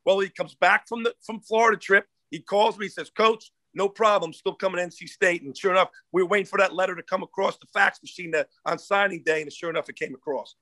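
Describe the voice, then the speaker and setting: A high, bright male voice moves at a quick clip. He is a middle-aged former football coach spinning animated stories as a podcast guest. The sound is close and dry. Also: no echo. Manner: animated storyteller who acts out the people he quotes. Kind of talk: casual storytelling in a podcast interview.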